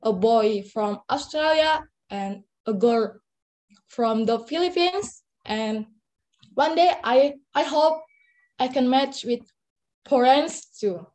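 A woman's voice: sits high, slow pace, a little mellow, low-quality recording. A woman learning English answers her teacher's question in a hesitant, polite way.

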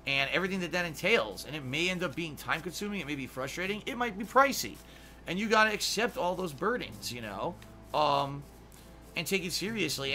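A man talking casually over a game stream, his voice higher than most men's and pushed hard with a tense, forceful edge. He swears freely and rants in emphatic bursts. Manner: profane, ranting; emphatic, heated. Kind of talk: casual gameplay chat.

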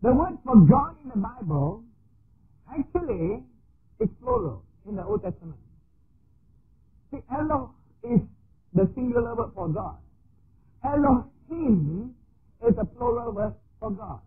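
A man preaching a sermon, teaching slowly and deliberately with repeated examples. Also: very high voice, big pitch swings, husky. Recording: tinny phone-like archive recording with faint hiss.

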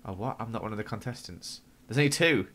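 A young man giving excitable let's-play commentary, gasping and squealing when startled. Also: fairly low pitch, fast. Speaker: gaming YouTuber.

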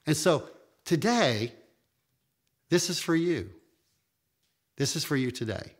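A man preaching a sermon as pastor, emphatic, with sudden jumps in pitch and stretched-out phrases. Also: expressive, takes it slowly.

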